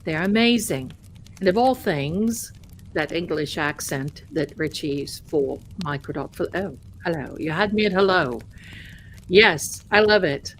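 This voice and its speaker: A woman's voice: deep voice, expressive, measured pace, a little hiss or hum. A woman hosting a tarot live stream in casual chat, rambling and greeting viewers as "my darling.".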